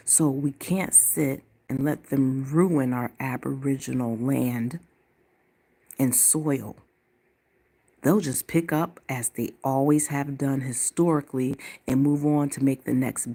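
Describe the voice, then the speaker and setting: A vlogger from the United States, a woman with a very deep, mellow, slightly rough voice, rants bluntly and profanely to camera in a monologue, slowing down to hammer her points home.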